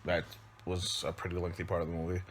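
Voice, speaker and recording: Man, very low voice, casual rambling film review, hesitant restarts. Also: completely flat delivery, quick pace, a little hiss or hum. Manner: loose and rambling, many ums and restarts. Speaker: father; movie reviewer. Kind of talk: casual spoken movie recap.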